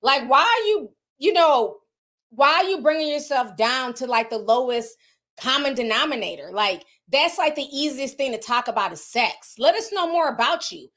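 A woman's voice: high-pitched, lively intonation, normal speed, pushed and bright. A woman commentator in casual chat, talking bluntly and with animation, swearing freely.

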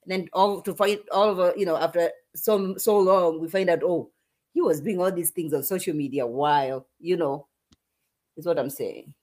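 A married woman co-hosting a casual live recap chat, speaking in a measured way and often restarting her sentences. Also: fairly low pitch, a little mellow. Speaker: co-host.

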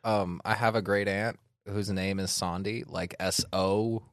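A man's voice: on the low side, steady tone, measured pace, no echo. Male co-host, laid-back and joking, casual swearing, dry close mic. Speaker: co-host reviewing tequila. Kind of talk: casual chat.

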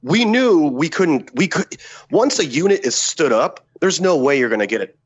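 A man, a former Special Forces soldier, telling a story as a podcast guest in a profane, animated way, acting out the dialogue. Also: a little high, moderate pace, slightly rough, dull audio. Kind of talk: casual war-story telling.

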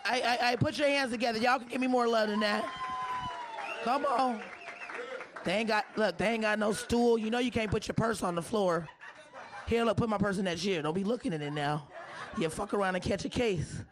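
A woman comedian doing a live stand-up set with a hoarse voice. She is brash and profane and teases the audience. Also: mid-range voice, fairly quick.

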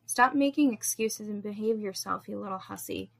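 A woman's voice: medium pitch, normal speed, vocal fry, fairly bright tone. A woman voicing a domineering woman who barks orders and insults in a storybook reading. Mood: contemptuous. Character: domineering woman, harsh and contemptuous.

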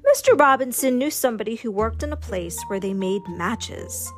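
A woman reading a children's storybook aloud in a slow, gentle, expressive way. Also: on the high side, soft background music. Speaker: storybook narrator.

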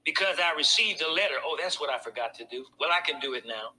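A man's voice: on the high side, expressive, fast, sharp tone, slight background noise, low-quality recording. A man pastor preaching a sermon to his congregation, talking it through in a conversational way with pointed asides.

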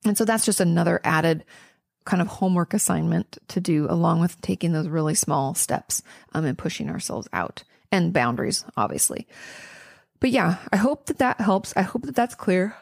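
A woman's voice: on the low side, animated, moderate pace, gravelly, no room sound, studio quality. A young woman hosting a podcast, answering listener questions in an earnest, reassuring way, tired and yawning, with plenty of ums and restarts. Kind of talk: casual advice talk.

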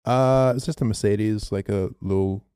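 Man, podcast co-host, low mellow voice, casual sweary storyteller. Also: normal speed, smooth, no echo, clean studio sound. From Australia. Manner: animated storyteller, swears freely, acts out quotes.

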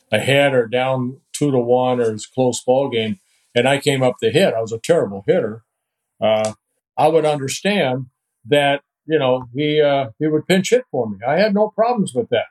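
A man's voice: mid-range voice, normal speed, rough recording. Older man, from the netherlands, podcast guest, chatty storyteller, chuckles. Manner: chatty, lively anecdotes with chuckles. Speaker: guest, retired pitcher.

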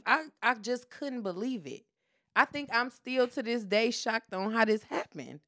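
A woman's voice: fairly high pitch, animated, moderate pace, fairly bright tone, dry recording, clean studio sound. Blunt, profane young woman storyteller. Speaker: anonymous podcast guest. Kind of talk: casual storytelling chat.

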